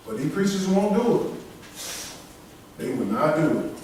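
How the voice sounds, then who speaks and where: A man preaches with emphatic force, urging a reader on between passages. His higher voice rings through a very reverberant room. The mic sits some way off, with faint room ambience behind him. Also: very animated, measured pace, pauses often, a little mellow, distant mic, slight background noise. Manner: emphatic, preaching in dialect with call-and-response to a reader. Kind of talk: sermon.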